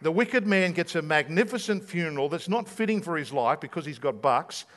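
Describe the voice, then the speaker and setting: A man's voice: a little high, animated, brisk, fairly bright tone. A man, a pastor preaching a sermon in a conversational way, full of rhetorical questions.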